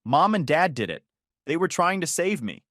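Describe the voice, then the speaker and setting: A man doing a desperate younger sister, half shouting, half begging for help with her debts. Her voice swings widely in pitch. The sound is dry and close. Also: very animated, moderate pace, dry recording. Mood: angry. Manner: pleading, accusing, raised voice. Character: desperate angry adult sister, self-pitying.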